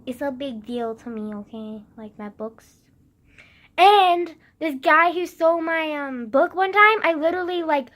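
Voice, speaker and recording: High-pitched young woman rambling at her webcam, swears a lot, says like every other word. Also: unhurried, fairly bright tone. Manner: rambling, self-mocking, swears often, fillers everywhere. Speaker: vlogger. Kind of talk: rambling casual monologue.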